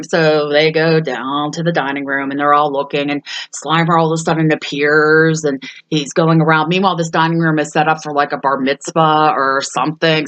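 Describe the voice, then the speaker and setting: A woman's voice: deep voice, fairly bright tone. A woman hosting a casual movie review, retelling scenes with frequent laughs and acting out the quoted lines. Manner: laughs often while talking. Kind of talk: casual movie recap chat.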